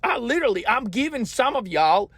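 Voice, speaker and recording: A man's voice: very high voice, sing-song, brisk, a bit bright, breathy edge, no echo. A man hosting a market commentary podcast, ranting in a profane, scolding and emphatic way.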